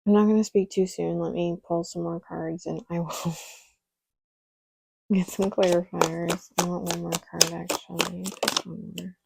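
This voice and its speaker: A woman's voice: fairly low pitch, level tone, unhurried, creaky, very noisy. A young woman doing a casual, chatty tarot reading, candid and a little exasperated, with frequent ums and laughs. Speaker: tarot reader.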